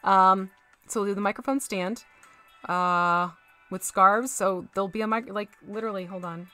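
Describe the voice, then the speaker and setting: Bright-voiced chatty woman streamer. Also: mid-range voice, fairly even intonation, moderate pace. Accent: American Southern. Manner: chatty, giggly, talks to chat while painting. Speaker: miniature painting streamer. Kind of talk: casual live-stream chat with viewers. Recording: faint background music.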